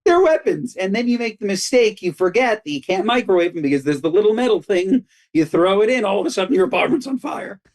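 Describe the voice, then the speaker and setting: A man co-hosting a podcast, joking in animated casual chat with his pitch swinging up and down. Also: fast, hardly any pauses. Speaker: podcast co-host.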